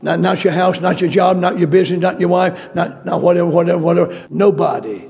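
In a church, a male preacher gives an emphatic, repetitive sermon and calls out questions to the congregation. His voice sits high and creaky with a darkish tone, moving at a fairly quick pace over soft background music.

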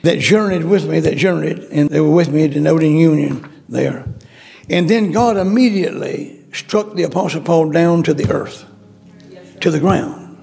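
A man's voice: a little high, normal speed, gravelly, mellow. A man preaching a sermon, emphatic and repetitive, acting out the voices in the story he tells. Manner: repetitive, emphatic, acts out quotes.

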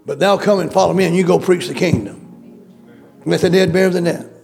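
A man's voice: high voice, a little fast, gravelly, darkish tone, soft background music. A male preacher delivering a sermon, emphatic and repetitive, calling out questions to the congregation. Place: church.

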